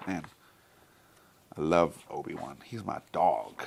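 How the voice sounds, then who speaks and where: A man's voice: low voice, moderate pace, vocal fry, a little mellow, breathy edge. A man casually reviewing a comic book collection, chatty and enthusiastic, talking straight to his viewers. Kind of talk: casual product review vlog.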